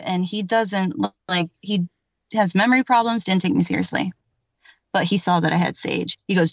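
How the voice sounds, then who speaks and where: A woman's voice: on the low side, moderate pace, gravelly, no echo. A woman recounting her own story to an interviewer in a loose, emphatic way, packing her sentences with filler words and the odd curse. The sound is a little dull and lo-fi, and the room is dead and dry. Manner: rambling and emphatic, heavy on filler words, swears freely. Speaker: podcast guest telling a paranormal story.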